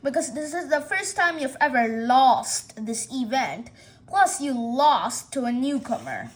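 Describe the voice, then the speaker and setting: A woman's voice: high-pitched, sing-song, a little slow. A woman playing a chatty cat sports announcer. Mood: pushy. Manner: rambling, pushy interviewer.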